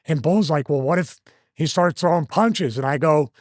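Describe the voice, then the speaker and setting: A man in his fifties, a show host, telling a story in a casual, animated way and acting out the lines he quotes. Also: on the high side, normal speed, no echo, studio quality. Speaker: host, former wrestler.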